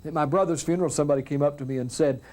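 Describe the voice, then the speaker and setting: A man, a minister, giving a storytelling talk on death and grief, earnest and reflective, often dropping soft and quiet. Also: on the high side, racing. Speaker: minister speaking on hospice and grief.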